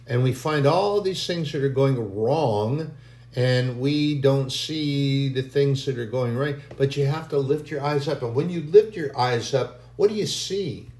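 A man's voice: mid-range voice, a little slow, a little mellow, reverberant. A man giving an informal, conversational sermon, acting out quoted voices and repeating phrases for emphasis. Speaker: preacher.

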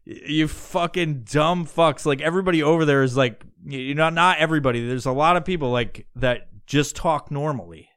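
A man's voice: a little high, quick pace, few pauses, smooth. A profane, ranting man from Long Island. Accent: slight New York. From Long Island, New York. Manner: swears constantly, mocks with loud put-on voices. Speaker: podcast host. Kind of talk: profane comedic rant.

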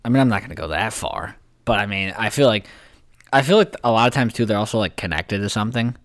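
A man's voice: lowish voice, animated, quick pace, no echo. A man in casual podcast chat, loose and joking, swearing freely.

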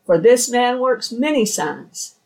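Anxious priests' council, read by a woman; slow scripture reading, distant mic. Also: fairly high pitch, lively intonation, darkish tone. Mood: worried.

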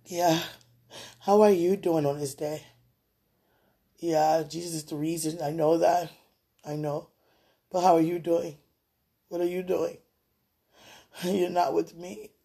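A woman talks straight to God on her livestream, her voice gravelly with a husky edge. She moves between soft, murmured prayer and tearful pleading in a loose, heartfelt monologue. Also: low voice.

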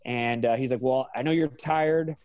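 A man's voice: medium pitch, moderate pace, a little mellow, dry recording, dull audio. Profane, rambling man telling a fight story. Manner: profane, rambling, corrects himself often. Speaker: guest, MMA fighter. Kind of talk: casual podcast storytelling.

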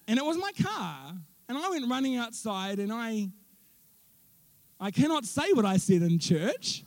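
Young male pastor, lively story-driven preaching, high-pitched, dry mic. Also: normal speed, no echo. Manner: animated storytelling with self-mocking asides. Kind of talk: sermon.

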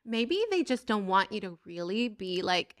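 A woman co-hosting a podcast in casual chat, quick with reactions and laughter. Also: medium pitch, sing-song. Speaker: podcast co-host.

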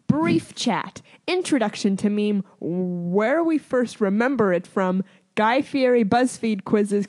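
A woman's voice: medium pitch, a little mellow. A woman co-hosting a podcast, chatting casually in a rambling, giggly, self-mocking way. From Canada. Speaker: podcast co-host. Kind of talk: casual chat.

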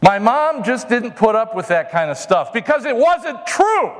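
A man preaching a sermon in a high, light voice, taking his time over each point. His delivery is chatty and teasing, with long reverb trailing off the walls of a big church. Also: sing-song, a little slow, a bit bright. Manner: preachy and conversational, mocks whiners in a put-on voice. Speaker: pastor. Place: church sanctuary.

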